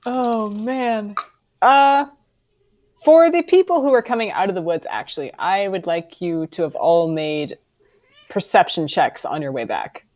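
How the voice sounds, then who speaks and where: A woman's voice: medium pitch, expressive, unhurried, a little mellow. A woman narrating a tabletop game as game master, casual and playful, laughing often.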